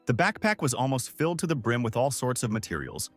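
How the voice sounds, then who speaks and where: A man's voice: mid-range voice, expressive, fast talker, soft background music. A man narrating a comic story recap in a scripted storytelling style.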